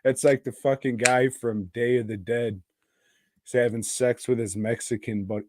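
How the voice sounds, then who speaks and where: A man's voice: medium pitch, steady tone, moderate pace, a little mellow, no echo. A man co-hosting a podcast, chatting in a crude, profane, rambling way. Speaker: podcast co-host. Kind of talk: casual podcast chat.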